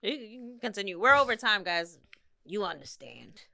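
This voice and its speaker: A woman's voice: mid-range voice, big pitch swings, moderate pace, vocal fry, bright, forceful tone. A woman hosting an interview, talking casually and encouraging her guest. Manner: casual, encouraging, laughs along. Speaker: host.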